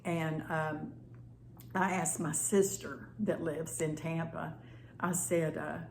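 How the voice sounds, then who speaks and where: A woman's voice: deep voice, flat delivery, takes it slowly, vocal fry, a little hiss or hum. An older woman giving a tender, prayerful personal testimony as a channel host.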